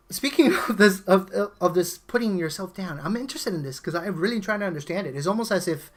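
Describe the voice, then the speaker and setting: A man hosting a casual songwriter podcast, talking animatedly with frequent laughs and restarts. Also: sits high. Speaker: host.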